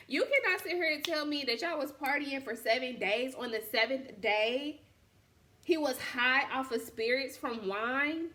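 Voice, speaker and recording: Brief: woman host, casual slangy storyteller, slightly raised pitch, frank and conversational. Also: measured pace, pushed and bright. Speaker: podcast host and boutique owner. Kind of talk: casual faith chat.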